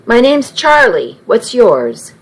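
A kind, slightly awkward young man in a story, as a woman reads him, calm and reassuring, close to her own voice and slowly paced. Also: a little high, heavily acted, poor audio.

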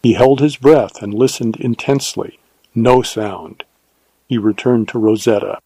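Man reading an old novel aloud, calm and even, dry sound. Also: medium pitch, husky, no echo, rough recording. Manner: measured, even storytelling. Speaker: audiobook narrator. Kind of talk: scripted narration of a western novel.

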